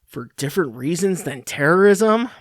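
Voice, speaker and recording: A man hosting a podcast, ranting alone in a profane, exasperated way with halting restarts. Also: on the high side, animated, dry recording, studio quality. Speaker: podcast host. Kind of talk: solo comedic rant.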